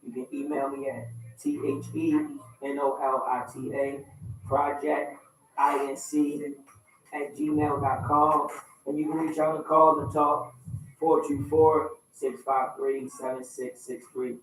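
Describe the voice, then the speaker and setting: A man co-hosting a talk radio show, talking in a relaxed, laid-back way from a studio. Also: a little high, takes it slowly. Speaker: radio co-host. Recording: roomy, distant mic, faint noise.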